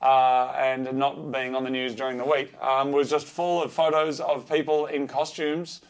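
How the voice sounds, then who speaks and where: A man's voice: mid-range voice, level tone, normal speed, smooth. A man co-hosting a casual car podcast, joking dryly and filling gaps with lots of uh and um. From Australia. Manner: dry, joking, lots of uh and um fillers. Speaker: podcast co-host. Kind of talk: casual banter.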